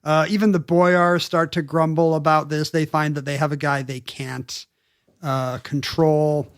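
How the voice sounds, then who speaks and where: A man's voice: fairly high pitch, flat delivery, unhurried, clean tone, no echo. Dry-sounding man telling history with jokes. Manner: storytelling, jokey asides, puts on brief character voices. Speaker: podcast co-host telling a history story. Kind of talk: casual comedic history chat.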